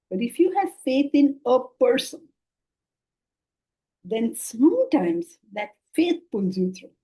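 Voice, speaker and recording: Her voice mid-range and mellow, a middle-aged Vedanta teacher talks to her class about spiritual matters in a chatty way, performing people's answers and often laughing. The recording is dull and lo-fi.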